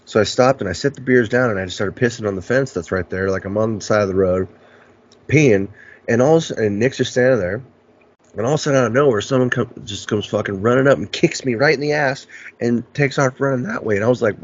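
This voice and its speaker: A man's voice: fairly low pitch, brisk. A man hosting a podcast, telling a long story in a rambling, casual way and swearing a lot. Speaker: podcast host. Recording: lo-fi podcast recording.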